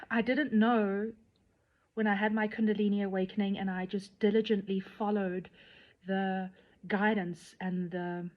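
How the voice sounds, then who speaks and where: Candid woman vlogging, slightly dull sound. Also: mid-range voice. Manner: candid, playful, then earnest and emotional. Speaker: tantric nun sharing her journey. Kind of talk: personal vlog to camera.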